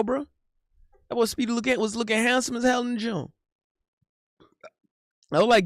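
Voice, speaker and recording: A man streaming casual banter in a playful, animated way, breaking into silly sound effects. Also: extremely high pitch, moderate pace, long pauses, dry recording, clean studio sound.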